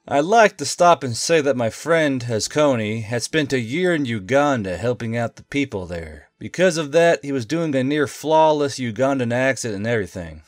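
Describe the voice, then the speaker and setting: A man's voice: medium pitch, expressive, normal speed, few pauses, no echo. Dry synthetic male story narrator. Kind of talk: synthetic reading of a tabletop game story. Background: faint music.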